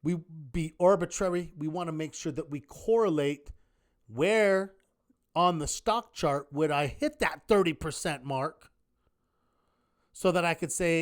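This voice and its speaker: Lively man teaching a trading class. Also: fairly high pitch, unhurried. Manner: lively, uses rhetorical questions. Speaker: trading instructor. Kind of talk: live online class.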